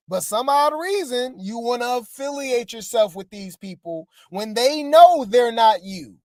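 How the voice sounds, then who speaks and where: A woman's voice: fairly high pitch, a little mellow, no echo, clean studio sound. A woman hosting gossip commentary in a casual, sassy way, often repeating her phrases.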